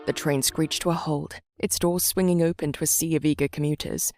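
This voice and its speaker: A woman narrating an audiobook in a measured, dramatic way, her voice very low with a gravelly edge. The recording is dry and close, with no room sound. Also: steady tone, darkish tone, dry recording, faint music behind.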